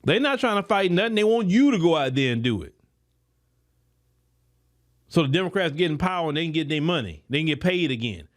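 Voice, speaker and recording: A male podcast host gives a commentary monologue in a high, lively voice that rises and falls a lot, talking a little fast with long pauses. He's preachy and emphatic, speaking to listeners directly in loose, colloquial language and repeating words to press his point.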